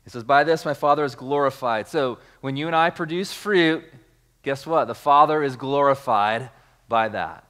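Scripture is read aloud by a pastor whose medium-pitched, fairly bright voice keeps a normal speed. He goes on to explain it in his sermon, restarting phrases, repeating words and raising his emphasis while inviting the congregation to join in.

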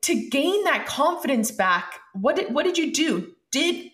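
A woman's voice: high-pitched, big pitch swings, a little slow, fairly bright tone, roomy sound. A woman hosting an interview, asking encouraging, rambling follow-up questions. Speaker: interviewer host.

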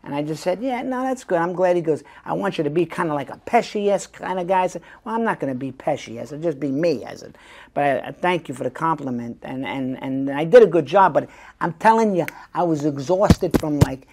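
A man's voice: a little high, a little fast, a little mellow, breathy edge. A middle-aged male actor telling stories in a casual interview, acting out the voices of people he quotes. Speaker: guest actor.

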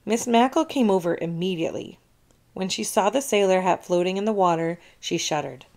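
A woman's voice: mid-range voice, a little fast. Woman reading a children's chapter book aloud. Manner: expressive, animated storytelling. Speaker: storybook reader. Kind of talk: children's read-aloud narration.

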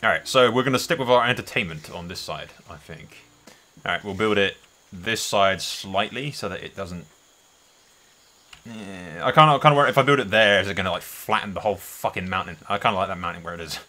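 A man's voice: deep voice, a little fast, sharp tone. A man doing casual let's-play commentary, thinking aloud and swearing often. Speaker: gameplay host.

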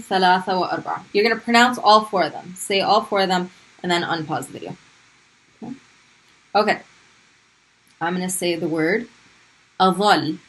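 Slow, patient woman teaching Arabic sounds. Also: mid-range voice, bright, forceful tone, low-quality recording. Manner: patient, repeats sounds slowly for drilling. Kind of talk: recorded video lesson.

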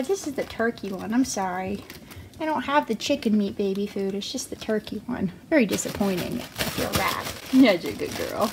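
A woman's voice: on the high side, lively intonation, moderate pace, darkish tone, slight background noise, rough recording. A young woman vlogging with her pet rats, coaxing them in a sing-song, affectionate voice. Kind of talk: cooing baby talk to pets. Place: at home by a pet cage.

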